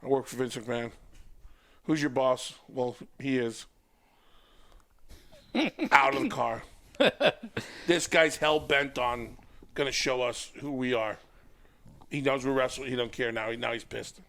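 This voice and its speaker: A man's voice: medium pitch, normal speed. A middle-aged man, a former wrestler, telling a story in casual chat and acting out the voices of the people in it. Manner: animated storyteller who acts out voices. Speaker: podcast guest, former wrestler.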